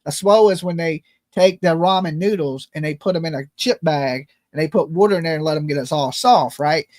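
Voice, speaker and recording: High-voiced joking man on a dry mic. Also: a little fast, dry recording. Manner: loose, rambling and profane, jokey phone-prank banter. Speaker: streamer host. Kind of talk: casual joking livestream chat.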